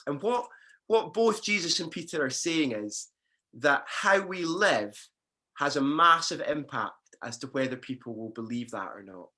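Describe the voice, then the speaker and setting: Conversational male pastor, bright voice. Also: on the high side, expressive, a little slow. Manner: conversational, with fillers and restarts. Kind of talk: sermon.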